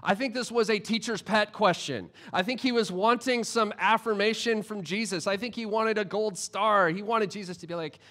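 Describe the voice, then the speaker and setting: A man's voice: high voice, brisk, few pauses, pushed and bright. A man preaching a sermon in a conversational, humorous way, often restarting his sentences. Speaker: pastor.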